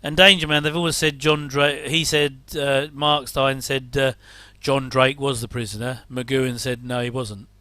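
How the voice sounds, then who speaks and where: A man's voice: mid-range voice, little pitch movement, normal speed, hardly any pauses, pushed and bright, no room sound. A middle-aged English man rambling casually through a reaction commentary, with chatty, self-deprecating asides. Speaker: host.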